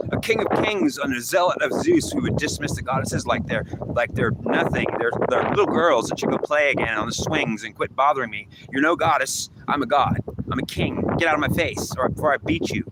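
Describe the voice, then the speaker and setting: A man reading a text aloud on a live video and breaking off into rambling, repetitive commentary that turns frustrated. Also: on the high side. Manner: rambling, repeats himself, gets frustrated and loud. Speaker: YouTube commentator. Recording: loud background noise.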